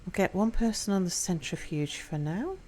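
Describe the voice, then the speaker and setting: Over faint background music, a woman chats casually as she streams a game live, her voice fairly low, expressive, and a little mellow at a moderate pace. She reads chat out loud and plays around with how words sound.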